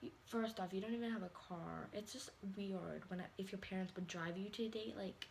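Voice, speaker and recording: A woman's voice: mid-range voice, brisk, vocal fry, hardly any pauses, a little mellow, a little hiss or hum, poor audio. A teenage girl ranting to a phone camera in a vlog, sassy and exasperated, calling people "honey.". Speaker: vlogger. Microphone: phone or webcam.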